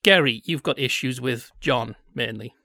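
A man's voice: mid-range voice, moderate pace, vocal fry, pushed and bright, no room sound, studio quality. A man hosting a casual discussion, wry and analytical as he leads the talk. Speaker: podcast host.

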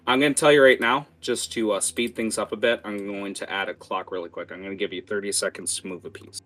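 Low voice guy narrating a tabletop game, lots of uh and like. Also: little pitch movement, fairly quick, fairly bright tone. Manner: casual, many fillers and restarts. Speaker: game master.

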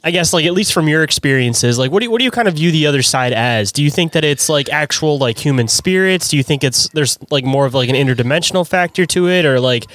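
A man's voice: on the high side, expressive, quick pace, few pauses, a bit bright. A man hosting a podcast, asking long, rambling questions full of fillers. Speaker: podcast host. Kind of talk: casual interview.

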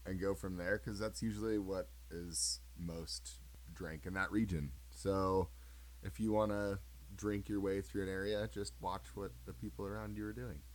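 An American man in casual conversation, telling stories in a relaxed way. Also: deep voice, normal speed, low-quality recording. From United States. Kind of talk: casual chat.

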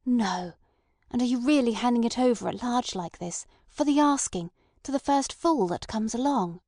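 A woman's voice: fairly high pitch, normal speed, a little mellow, dry recording, clean studio sound, voice pushed up. A woman doing the voice of Ossipon, an agitated male anarchist. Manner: blunt, agitated.

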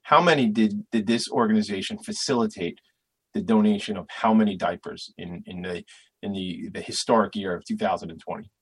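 A man's voice: on the low side, brisk, breathy edge, no echo. A man from Long Island hosting an interview show, thinking aloud and getting impassioned. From Long Island, New York. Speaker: show host. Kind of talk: casual interview.

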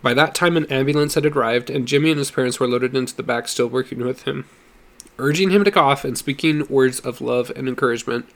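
A man reading a story aloud in a steady, measured narration. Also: medium pitch. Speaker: audiobook reader.

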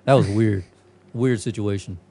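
A young man, a podcast co-host, trading stories in a loud, joking, profane way and acting out the things people said. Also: on the low side, normal speed, creaky, breathy edge. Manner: animated, profane, laughs often, acts out quotes. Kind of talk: casual chat.

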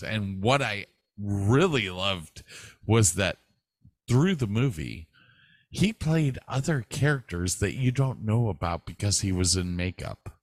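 A man with a lowish voice chats about films in a slow, unhurried way. His pitch rises and falls a lot as he talks, and the dry sound is close and dead. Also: no echo. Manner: slow, drawn-out, lively pitch, frequent fillers and stutters. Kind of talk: casual movie chat.

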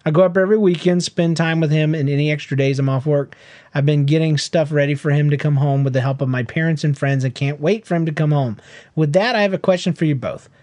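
A man's voice: on the high side, quick pace, darkish tone, dry recording. A man co-hosting a casual podcast with his wife, joking, teasing and reading listener emails aloud. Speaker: podcast co-host. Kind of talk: casual chat.

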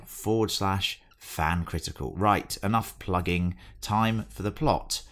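An Englishman with a deep, fairly bright voice co-hosts a podcast, recapping an episode from his notes in a slow, casual chat.

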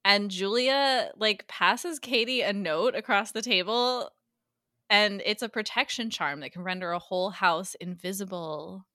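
Bright-toned woman recapping a show. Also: mid-range voice, measured pace, dry recording, studio quality. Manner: animated storyteller, acts out characters' lines. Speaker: podcast co-host recapping a TV episode. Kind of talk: casual chat.

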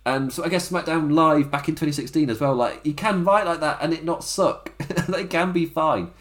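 A man's voice: fairly high pitch, moderate pace, a bit bright. A man giving a chatty, rambling spoken recap of a wrestling show, laughing often and acting out quotes.

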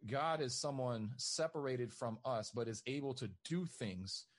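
A man's voice: medium pitch, a little slow. A man talking as a podcast guest, telling stories in a casual way and laughing often. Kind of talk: casual conversational storytelling.

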